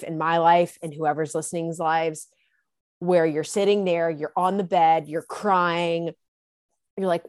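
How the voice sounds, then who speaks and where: An earnest, encouraging woman hosting a podcast, speaking slowly and deliberately in a lowish voice. She swears casually as she talks. The sound is dry and close to the mic. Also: a little mellow, dry recording. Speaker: podcast host.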